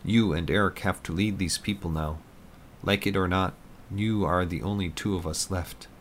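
A man voicing the calm, loving spirit of a dead soldier, speaking gently. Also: deep voice, normal speed, slight background noise, close to an everyday voice. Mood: gentle.

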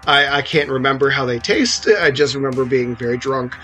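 A male writer talks as a guest on a casual podcast, his pitch sitting in the middle. He sounds thoughtful and self-deprecating, and leans on filler words as he goes. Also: brisk, over music.

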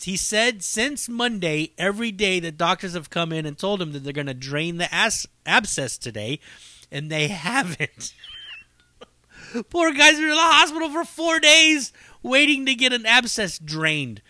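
A man's voice: high-pitched, lively intonation, measured pace, bright, forceful tone, dry recording. A man hosting a podcast, telling stories in a profane, rambling, casual monologue with frequent laughs. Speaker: podcast host and comedy show runner.

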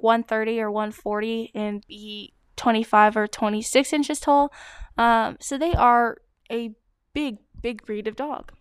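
A woman's voice: fairly high pitch, clear, resonant tone, dry recording. A woman dog blogger answering common breed questions in a chatty, hesitant way, full of fillers. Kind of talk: casual Q&A vlog.

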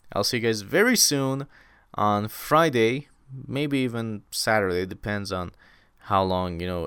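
A man's voice: mid-range voice, a bit bright, smooth, no echo, studio quality. A young man hosting a casual solo podcast, talking with enthusiasm and rambling, repeating words for emphasis. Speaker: podcast host.

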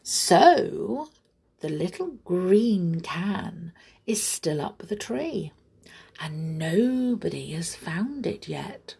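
A woman reads a children's story aloud in a slow, lively way, her pitch rising and falling. Her voice is husky with a gravelly edge, and she drops into breathy whispers for asides.

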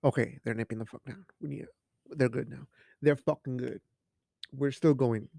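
A man's voice: mid-range voice, fairly even intonation, normal speed, vocal fry, dark tone, no echo, studio quality. A man hosting a casual solo podcast, rambling and joking with lots of swearing and Spanish phrases, sipping beer as he talks. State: drinking beer while talking. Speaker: podcast host.

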